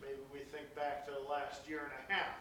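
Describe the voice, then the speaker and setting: A pastor preaching a sermon, reading scripture dramatically and dropping into soft, hushed passages. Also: male voice, on the high side, completely flat delivery, moderate pace, slight background noise. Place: large church. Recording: very echoey church from a distance.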